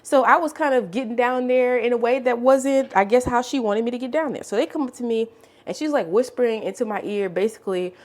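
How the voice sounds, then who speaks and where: A woman's voice: on the high side, fairly quick, darkish tone. A woman in her late twenties, vlogging and telling an emotional personal story, with many "like" fillers. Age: 20s. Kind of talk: storytime while cleaning.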